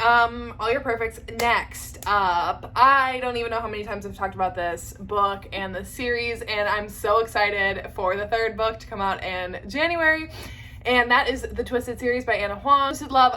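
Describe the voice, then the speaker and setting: A woman's voice: medium pitch, fairly bright tone, a little hiss or hum. A young woman in her twenties talking casually on a vlog, gushing and filling her sentences with "like". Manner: chatty and gushing, many "like" fillers. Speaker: book vlogger. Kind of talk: casual chat. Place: indoors at home.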